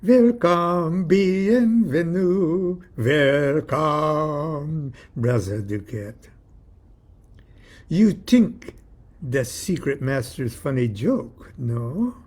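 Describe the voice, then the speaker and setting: Smug mystic master, played by a man, cryptic and pompous, raspy, gravelly edge. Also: on the high side, lively intonation, normal speed, darkish tone. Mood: pompous, teasing. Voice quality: phony European accent at first, later plain. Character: mysterious male secret master, smug and teasing.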